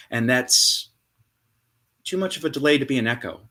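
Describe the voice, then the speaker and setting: A man narrating a tabletop game as game master, with dramatic storytelling and hushed pauses. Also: medium pitch, lively intonation.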